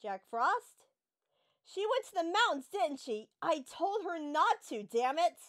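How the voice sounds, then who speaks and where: A worried young hero in a horror game, asking after a missing friend, voiced by a woman reading his lines. The voice is high and lively in pitch, read plainly. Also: a little slow, heavily acted. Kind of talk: reading game dialogue aloud.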